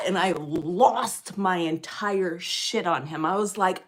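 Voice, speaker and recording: A middle-aged woman chatting on a livestream, telling stories in a lively, fired-up way and greeting viewers by name. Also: fairly low pitch, measured pace, few pauses, husky. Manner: animated storyteller, gets loud and fired up. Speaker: livestream host. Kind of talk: casual livestream chat.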